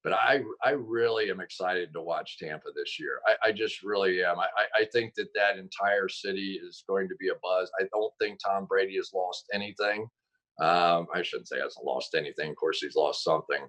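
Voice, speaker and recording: A man, a football analyst guest on a sports talk show, telling stories casually and acting out quotes with sudden jumps in pitch. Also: fairly even intonation, moderate pace, fairly bright tone, low-quality recording.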